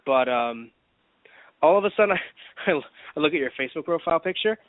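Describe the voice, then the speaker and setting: A man chatting on a podcast, his speech rambling and full of fillers and restarts. His voice sits a touch high and swings widely in pitch. The sound is dry and thin, like a phone line. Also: animated, fairly quick, long pauses, no room sound. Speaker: podcast co-host. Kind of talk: casual podcast chat.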